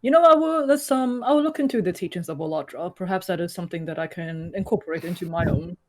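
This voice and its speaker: A soft-spoken village priest, voiced by the game master in a tabletop game. He pauses to think, weighing each word in a quiet, measured manner. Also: mid-range voice, natural voice. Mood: thoughtful. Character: weary village priest, older man.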